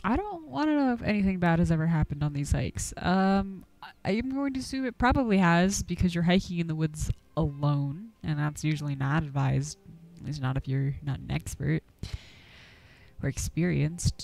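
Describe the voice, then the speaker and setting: Woman gamer, casual let's-play commentary, chatty, slightly low, dry close sound. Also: normal speed, gravelly, a little mellow, no room sound. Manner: chatty, giggly asides.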